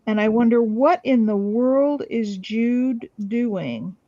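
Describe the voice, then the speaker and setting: A woman joining a casual craft livestream over a video call, speaking earnestly with drawn-out phrasing. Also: on the high side, expressive, warm tone, muffled recording.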